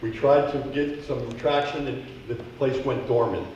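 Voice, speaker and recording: A man's voice: medium pitch, fairly even intonation, moderate pace, muffled recording, slight background noise. Heated man at a council podium. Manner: off-the-cuff, heated, grows loud and indignant. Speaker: public commenter at city council. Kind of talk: public comment speech. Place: city council meeting hall. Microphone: podium microphone. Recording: echoey council chamber from far off.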